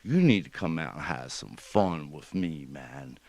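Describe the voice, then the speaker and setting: A man's voice: rumbling low, animated, measured pace, vocal fry, darkish tone, no room sound, heavily acted. A man voicing a pushy, fun-loving male stray cat who coaxes in a slangy, casual way, in spoken-word storytelling. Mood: coaxing. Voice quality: slangy, coaxing. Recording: dry close studio mic.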